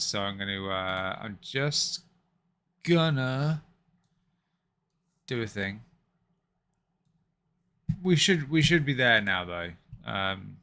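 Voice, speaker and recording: A man's voice: lowish voice, gravelly, sharp tone. A man hosting a live stream, chatting casually with viewers, muttering and swearing to himself and then apologizing. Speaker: livestream host.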